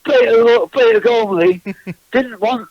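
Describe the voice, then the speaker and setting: A man's voice: extremely high pitch, slow pace, highs cut off, a crowd in the background. An older man, a guest musician, recalling past tours in a casual interview, chatty and rambling with frequent restarts and chuckles. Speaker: guest musician, former backing singer.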